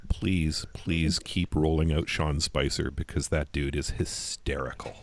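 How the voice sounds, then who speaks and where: A man's voice: rumbling low, steady tone, measured pace. A man co-hosting a podcast, chatting in a wry, joking way. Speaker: podcast co-host. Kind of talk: casual conversation.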